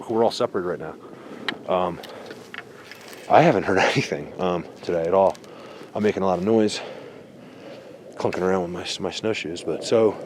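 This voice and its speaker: Low-voiced man rambling insistently outdoors. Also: background noise. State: out of breath. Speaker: Bigfoot researcher vlogger. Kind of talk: casual outdoor vlog talk. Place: snowy forest outdoors.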